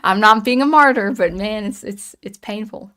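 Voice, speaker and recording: A woman's voice: medium pitch, moderate pace, fairly bright tone. A woman in her late thirties chatting casually on a livestream, telling a story with lots of restarts and reading the chat aloud. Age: 30s. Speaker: livestream host.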